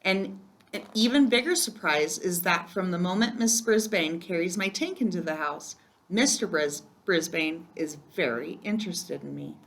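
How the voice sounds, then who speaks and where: A woman reading a first-person children's chapter book aloud in a gentle storytelling manner. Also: lowish voice, moderate pace, vocal fry. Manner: gentle, storytelling, occasional slips. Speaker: reader.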